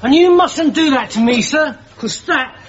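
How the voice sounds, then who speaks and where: An actor playing a dim, earnest army private who keeps saying sir, in a sitcom before a studio audience. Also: male voice, very high-pitched, animated, unhurried, dull audio, heavy background noise.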